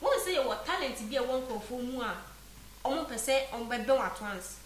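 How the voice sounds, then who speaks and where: A woman's voice: on the high side, animated, normal speed. A woman with a Ghanaian accent hosting a casual chat show, asking prompting questions and explaining her view at length. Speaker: show host. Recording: echoey room with faint noise.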